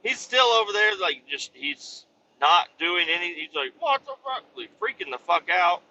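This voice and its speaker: Inside his moving truck cab, a man vlogs casually, ranting and telling stories with heavy profanity and plenty of exasperation. His voice is high and sharp, with lively intonation and a moderate pace. Road noise runs under the dull, lo-fi audio.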